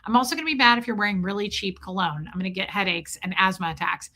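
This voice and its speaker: A woman hosting a livestream, telling a comic story in a casual, profane, animated way and calling out viewers in the chat by name. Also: mid-range voice, fast. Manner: animated, profane, ranting, reads chat names aloud. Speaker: livestream host.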